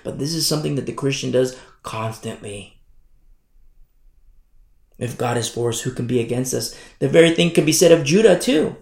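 A man's voice: medium pitch, expressive, moderate pace, gravelly, pauses often, darkish tone. A man preaching a sermon as pastor, pressing home his points with repeated rhetorical questions. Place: church hall. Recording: echoey church room.

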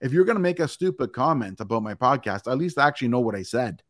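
A man's voice: mid-range voice, fast talker, no echo. A male podcast host with an ordinary mid-range voice, recorded close and dry. He tells stories casually, padding them with fillers and asides. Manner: relaxed storytelling with frequent fillers like "it's like".

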